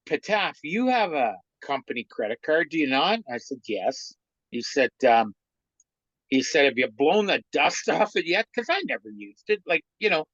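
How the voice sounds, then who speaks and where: A man's voice: medium pitch, dry recording. A man in his sixties, a former hockey trainer turned comedian, telling a long anecdote as an interview guest and acting out the quoted lines of the people in it. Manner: lively yarn-spinner who acts out other people's quoted lines. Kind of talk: anecdotal storytelling in a podcast interview. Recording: dry, slightly muffled sound.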